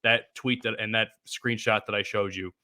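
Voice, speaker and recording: Bright-voiced, excitable young man. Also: on the low side, moderate pace. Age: young adult. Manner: excitable, laughs easily, emphatic. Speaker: podcast co-host. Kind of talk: casual chat.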